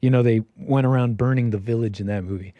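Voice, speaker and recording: A man hosting a livestream call-in show, rambling and joking, getting loud and high when he hams up a story. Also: fairly even intonation, quick pace, no room sound, muffled recording. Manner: jokey, rambling, swings loud and high for emphasis. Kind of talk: casual livestream talk.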